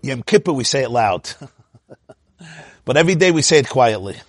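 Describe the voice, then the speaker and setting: Animated husky man teaching a class. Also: normal speed, no room sound. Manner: animated, laughs often, swoops up into a high voice.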